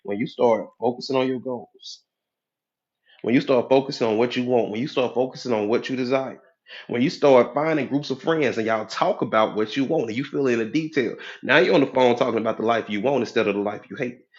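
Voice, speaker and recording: A man giving a preachy, animated motivational talk as a life coach, acting out the voices of people he quotes. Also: medium pitch, brisk, lo-fi sound. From United States.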